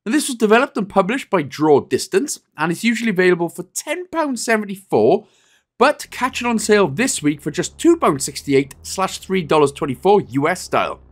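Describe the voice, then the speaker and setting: Man, gaming guide host, jokey and playful, fairly high voice, animated pitch. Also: brisk. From Wales. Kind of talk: game walkthrough commentary.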